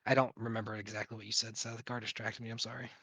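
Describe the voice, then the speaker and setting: A man's voice: fairly low pitch, level tone, fast, bright, forceful tone, slightly rough, no echo, poor audio. A man narrating as game master in a tabletop game, in a loose, chatty way with fillers.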